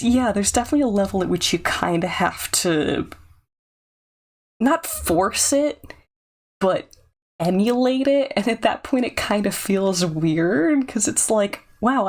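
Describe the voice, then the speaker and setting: A woman's voice: medium pitch, expressive, unhurried, darkish tone. A woman streamer in casual chat, laughing often as she talks. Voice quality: laughs often between phrases.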